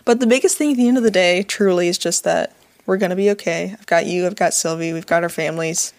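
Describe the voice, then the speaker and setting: A woman's voice: on the low side, fast talker, a little mellow. A young woman co-hosting a casual couple's podcast, upbeat and talkative. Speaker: podcast co-host.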